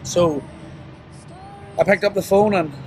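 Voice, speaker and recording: Remorseful man, halting speech. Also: faint music behind. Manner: halting, full of "you know" and restarts; remorseful, low and subdued. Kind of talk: personal confession interview.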